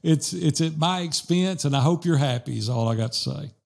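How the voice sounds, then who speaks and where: A man hosting a podcast, chatting casually with his co-host. His voice has a gravelly fry to it, and he tells stories with lively acted-out quotes. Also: fairly high pitch, a little fast. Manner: animated storyteller, quotes people in lively voices. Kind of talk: casual chat.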